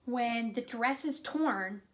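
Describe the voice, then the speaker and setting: A woman giving a casual, chatty movie review, retelling the plot with animated, exasperated asides and lots of "like". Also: a little high, takes it slowly.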